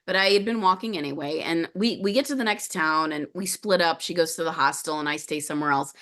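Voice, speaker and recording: A middle-aged woman telling a personal story as a podcast guest, in an animated way that acts out the voices of people she quotes. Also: deep voice, quick pace.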